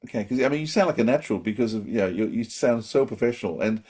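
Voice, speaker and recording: A man hosting a podcast, asking questions in a friendly, slightly halting way. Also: lowish voice, animated, darkish tone, breathy edge. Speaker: podcast host. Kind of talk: casual interview.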